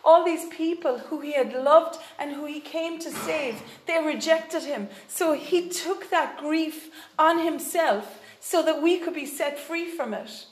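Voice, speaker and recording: A woman's voice: high voice, unhurried, few pauses, roomy sound, a little hiss or hum. A woman preaching a sermon in an earnest way, with frequent fillers and restarts.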